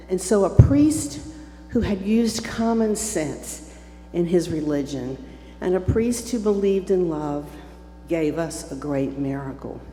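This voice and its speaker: A woman's voice: low-pitched, warm tone. A woman in her seventies telling a personal story to a church congregation, acting out the voices of the people in it. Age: 70s. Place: church sanctuary. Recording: echoey church hall with faint hum.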